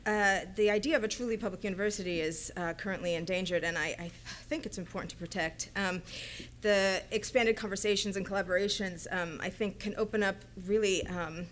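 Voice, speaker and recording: A woman's voice: medium pitch, a bit bright. Woman professor rattling through a talk, lots of ums, faint hum behind. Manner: hesitant, many ums, speaks fast. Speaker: art professor speaking at a symposium. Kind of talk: conference talk. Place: lecture hall.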